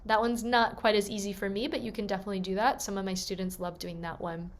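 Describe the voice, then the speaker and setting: A woman voice teacher leading a gentle, encouraging vocal warm-up lesson and demonstrating the sounds herself. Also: medium pitch, fairly even intonation, fast, slight background noise.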